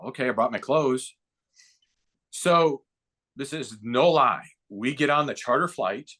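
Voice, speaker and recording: Man, 50s, podcast guest, storytelling, middle pitch, animated quotes. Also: measured pace. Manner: lively anecdote-telling with voiced quotes and rising excitement. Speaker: podcast guest, baseball broadcaster and former player. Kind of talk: casual storytelling interview.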